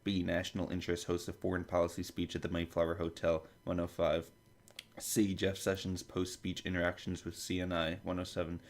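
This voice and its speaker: A man's voice: low-pitched, completely flat delivery, fairly quick. A man hosting a podcast, reading a long table of contents aloud, stumbling over foreign names and making asides. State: dry throat, coughing. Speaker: podcast host.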